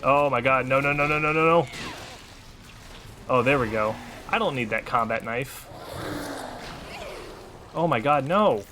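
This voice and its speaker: A man's voice: medium pitch, measured pace, pauses often, bright, forceful tone, slight background noise. A man streaming a game, chatting jokily, swearing and reading the dialogue aloud. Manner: jokey, swears, sings silly songs, reads lines in character voices. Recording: gaming stream with background music. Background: game music.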